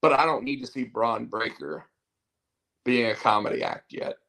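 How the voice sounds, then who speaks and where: A man's voice: medium pitch, normal speed, gravelly, pushed and bright. A man hosting a show, chatting casually in a rambling, opinionated way. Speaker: show host. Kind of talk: casual wrestling chat.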